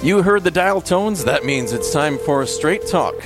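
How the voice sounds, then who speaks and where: A man co-hosting a Catholic radio talk show, giving the call-in number in a relaxed way. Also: a little high, a little slow, over loud music. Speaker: radio co-host. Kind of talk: casual radio chat.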